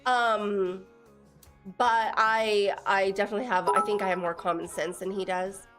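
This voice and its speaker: A woman's voice: medium pitch, steady tone, normal speed, music in the background. A young woman from Texas chatting casually on a live stream, laughing often and teasing her viewers as she reads their messages. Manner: giggly, teasing, reads chat aloud.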